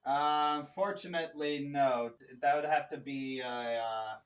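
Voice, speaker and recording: A man narrating a tabletop game as game master, in a lively, animated way. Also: on the high side, a little slow, distant mic, low-quality recording.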